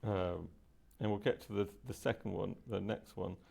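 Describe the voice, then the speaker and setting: A man's voice: on the low side, fairly even intonation, normal speed, creaky, warm tone, breathy edge. A man co-hosting a podcast in casual chat, rambling and opinionated with a nerdy streak. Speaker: podcast co-host.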